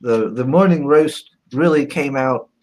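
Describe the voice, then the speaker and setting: A man's voice: medium pitch, unhurried. A man hosting a casual livestream, chatting and reading out crowdfunding campaign updates. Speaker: host.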